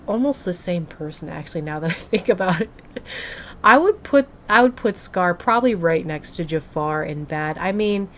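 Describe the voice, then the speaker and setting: A woman's voice: medium pitch, slight background noise. A young woman streamer chatting casually and gushing to her live chat, full of "like" fillers. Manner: bubbly, gushing, filler-heavy. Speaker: game streamer.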